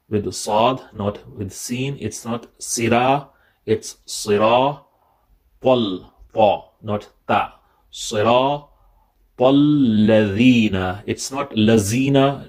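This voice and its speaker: A man teaches recitation in a fairly low voice, speaking very slowly. He says each word carefully and repeats it to show the right pronunciation. His delivery is patient and instructional. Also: breathy edge. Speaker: religious teacher. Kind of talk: recitation lesson.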